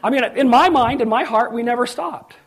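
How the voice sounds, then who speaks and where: A man's voice: extremely high pitch, a little fast, breathy edge. A middle-aged man preaching a sermon as pastor, telling personal stories and acting out the voices in them, building to emphatic peaks. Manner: storytelling preacher, acts out quotes, rises to emphatic peaks.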